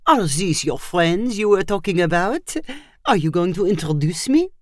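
A woman's voice: fairly low pitch, big pitch swings, moderate pace, no room sound, clean studio sound. A woman voicing a cheerful male chef who greets his new girlfriend and her friends eagerly. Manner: warm and eager.

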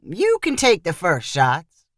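A man's voice: fairly high pitch, wildly swooping pitch, slow, fairly bright tone, no echo, clean studio sound, full character voice. A man reading the part of an easygoing old ranch grandfather, drawling and matter-of-fact.

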